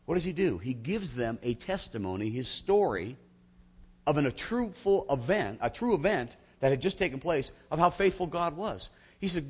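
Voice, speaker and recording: A pastor with a husky voice that sits high preaches a sermon to his congregation at a moderate pace. He tells a biblical story energetically and animatedly, acting out the voices of its figures.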